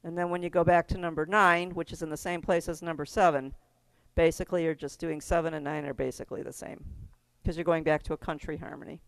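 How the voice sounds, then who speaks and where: A woman's voice: low voice, flat delivery, quick pace, smooth, no room sound. A middle-aged woman teaching a keyboard class, giving step-by-step instructions in a chatty way and laughing often.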